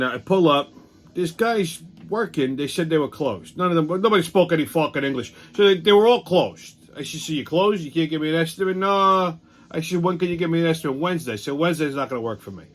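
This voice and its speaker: A man, hosting a show and telling a rambling, profane story about his aggravation. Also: a little high. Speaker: host. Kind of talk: casual storytelling rant.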